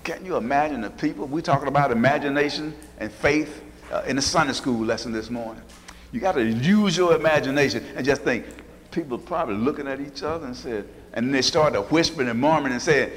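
A man preaches a sermon and retells Bible stories in a homey, folksy way. His voice sits at a medium pitch, and he slips into different voices for the people he describes. The sound rings with a long reverb, as in a large church hall. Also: fairly quick. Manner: folksy storytelling, acting out Bible figures in varied voices.

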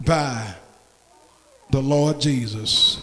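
A man preaching a sermon, calling out to the congregation and swinging from shouts down to hushed tones. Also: mid-range voice, extremely slow. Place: church sanctuary. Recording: church hall reverb.

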